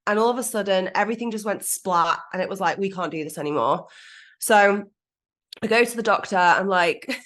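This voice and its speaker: A woman's voice: mid-range voice, moderate pace, a bit bright. A woman, a business coach guest telling her own story frankly, swearing casually and laughing at herself. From Manchester, England. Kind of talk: candid personal storytelling.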